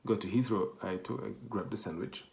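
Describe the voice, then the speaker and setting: A man's voice: on the low side, fairly quick, vocal fry, a little mellow. A man from Portugal with a Portuguese accent, telling a rambling, self-correcting story in casual chat. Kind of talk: casual anecdote. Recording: echoey room.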